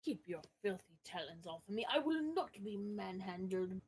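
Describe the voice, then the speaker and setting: A woman's voice: mid-range voice, animated, normal speed, darkish tone, slight background noise, lightly acted. A woman voicing a haughty, indignant male priest with a put-on French accent, while reading a game aloud. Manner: indignant and protesting.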